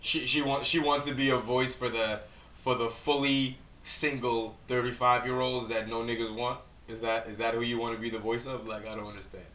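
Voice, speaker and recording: A man's voice: medium pitch, flat delivery, a little fast, sharp tone. A man co-hosting a reaction channel, giving blunt, profane, heated commentary. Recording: echoey room, distant mic, faint noise.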